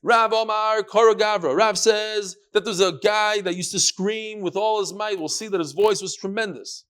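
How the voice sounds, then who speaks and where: A man's voice: high voice, steady tone, normal speed, a bit bright, smooth. A man, a rabbi, teaching a live Talmud class in a study hall. He tells stories with flair, acts out the quotes and talks straight to his students.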